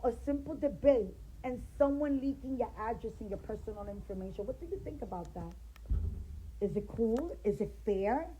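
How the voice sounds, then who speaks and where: A middle-aged woman speaks straight to the camera in a fired-up rant, her voice sitting a little high. She is indignant and confrontational, piling up one rhetorical question after another. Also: moderate pace, dark tone, dull audio, slight background noise. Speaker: grandmother speaking out in a family feud.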